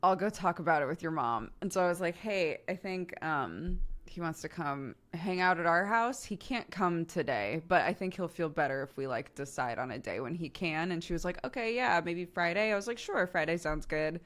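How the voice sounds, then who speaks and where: A woman's voice: lowish voice, normal speed, few pauses. A woman, chatting casually on a live stream and telling family stories, laughing often and acting out other people's lines. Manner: animated storyteller, laughing often, acts out relatives' lines.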